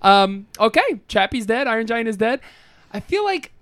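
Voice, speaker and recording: A woman co-hosting a comedy podcast, running the segments with quick deadpan quips. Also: a little high, dry recording. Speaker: podcast co-host. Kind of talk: casual comedic banter.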